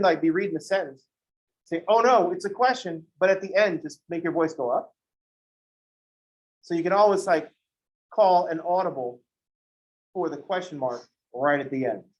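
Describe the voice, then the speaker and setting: A man's voice: a little high, moderate pace, long pauses, highs cut off. A male math instructor lectures in a loose, conversational way. He wanders off into joking asides before getting back to the lesson. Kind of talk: casual classroom lecture.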